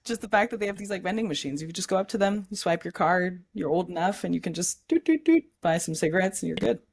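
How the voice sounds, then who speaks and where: A woman's voice: lowish voice, expressive, quick pace, creaky, darkish tone, slightly rough. A woman guest on a casual podcast, telling stories in an easygoing, rambling way and laughing easily. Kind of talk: casual chat.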